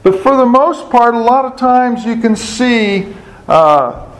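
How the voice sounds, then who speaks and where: Male preacher teaching scripture; high pitch, unhurried delivery, asks and answers his own questions. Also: animated, rough recording. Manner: asks the audience questions and answers them himself; repeats key words for emphasis. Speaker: Bible teacher. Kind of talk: sermon.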